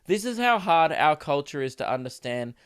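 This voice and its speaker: A young Australian man with a fairly high, smooth, slightly bright voice speaks at normal speed with big pitch swings. He's a sick podcast host, coughing through a casual solo rant that rambles and restarts. He swears freely and acts out the voices he quotes.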